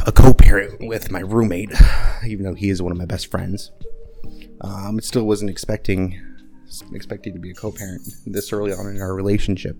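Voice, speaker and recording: A man hosting a podcast, talking casually and rambling with many fillers, recorded at home on a handheld microphone with uneven audio. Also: a little mellow. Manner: rambling, frequent fillers and restarts; talks in a high cooing baby voice to his dog. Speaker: podcast host. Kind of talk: casual monologue. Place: at home with his dog.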